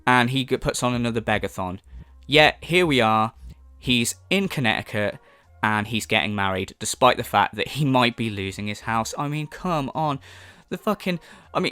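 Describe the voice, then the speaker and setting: A man's voice: mid-range voice, bright, forceful tone, no echo. A man hosting a commentary vlog, ranting in an exasperated, profane way with frequent repetition. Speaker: commentary channel host.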